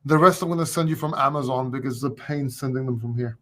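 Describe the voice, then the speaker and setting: A man who was born in London, a guest chatting casually from home, easygoing and joking and quick to agree. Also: medium pitch. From born in London, living in Greece. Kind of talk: casual chat.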